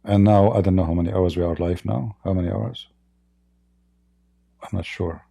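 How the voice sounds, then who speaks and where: Gravelly, hoarse man mocking on a livestream. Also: sits low, fast, warm tone. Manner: mocking, chuckles often, coughs and clears throat. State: hoarse, losing his voice. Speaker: livestream debate host. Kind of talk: casual livestream chat.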